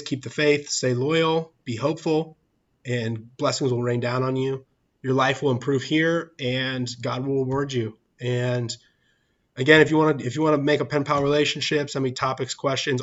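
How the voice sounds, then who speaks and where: A man's voice: medium pitch, steady tone, normal speed. Rambling man on a lo-fi livestream. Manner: rambling, laughs often, thanks chat viewers. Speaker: livestream host. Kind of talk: casual livestream chat. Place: church, public place.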